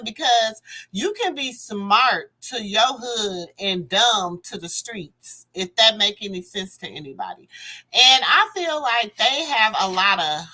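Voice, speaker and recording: Slow-talking woman, bright voice. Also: a little high, rough recording. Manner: chatty, rambling with many fillers. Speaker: livestream host. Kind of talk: casual commentary livestream.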